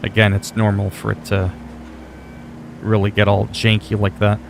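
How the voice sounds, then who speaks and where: A male game streamer with a fairly low voice talks casually through his live gameplay. He answers his chat with wry, offhand remarks and mild curses. A faint hum sits under his voice. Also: completely flat delivery, normal speed, creaky.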